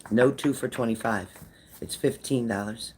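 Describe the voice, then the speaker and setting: A woman's voice: rumbling low, normal speed, background noise. Chatty older woman hosting a live stream. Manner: chatty, greets viewers by name, repeats phrases. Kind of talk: casual live-stream chat with viewers.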